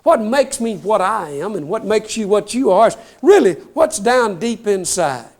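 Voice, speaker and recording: A folksy male storyteller with a high voice who spins comic tales of life as a state trooper. He is animated and chatty, and he turns to talk directly to his listeners. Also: normal speed. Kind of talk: comic storytelling before a live audience.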